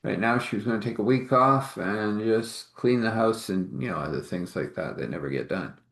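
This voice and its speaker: A man's voice: on the low side, normal speed, fairly bright tone. A man telling a faith-based everyday story in a rambling, homespun way with many fillers. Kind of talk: informal spoken storytelling. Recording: echoey room.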